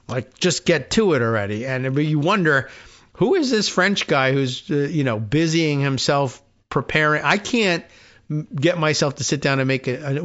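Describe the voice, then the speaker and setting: A man's voice: fairly high pitch, fairly bright tone. A man hosting a talk radio show, rambling through a sardonic, digressive monologue. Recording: muffled lo-fi sound.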